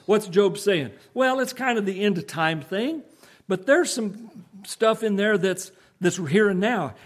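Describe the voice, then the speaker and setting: A man's voice: high voice, lively intonation. A man preaching a sermon, explaining scripture earnestly and emphatically, with rhetorical questions to his listeners. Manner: reads scripture slowly in old-fashioned English.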